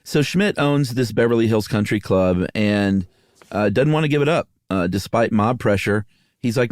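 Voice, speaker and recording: Male co-host, low voice, wry joking delivery, dry close mic. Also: normal speed, a little mellow, no room sound. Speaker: podcast co-host. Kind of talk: casual chat.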